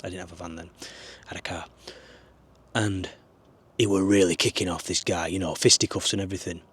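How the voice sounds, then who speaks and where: A man's voice: sits low, fairly even intonation, fairly quick, a bit bright, husky. A man giving rambling, earnest life advice to camera from a small camper van. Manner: rambling, earnest, swears now and then. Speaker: vlogger. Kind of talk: casual advice talk to camera.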